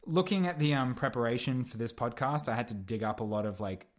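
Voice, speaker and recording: A young man with a brisk, mid-range voice chats casually as an actor guest on a podcast, meandering through his thoughts and restarting often amid lots of fillers.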